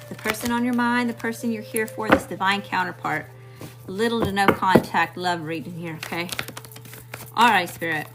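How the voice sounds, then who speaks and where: A woman from Mississippi with a Southern accent, giving a blunt, slangy live tarot reading straight to her viewers. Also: mid-range voice. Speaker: tarot reader.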